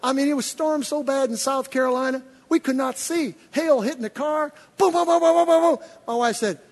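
An older man preaching, telling a story from the pulpit, swinging between low, quiet asides and loud, excited outbursts. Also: fairly quick. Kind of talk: sermon storytelling. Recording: long reverb of a large hall.

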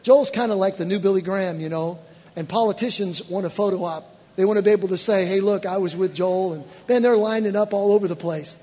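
Male pastor, high voice, animated sermon storyteller, echoing church hall. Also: brisk. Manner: animated, exclaiming storyteller with bursts of excitement.

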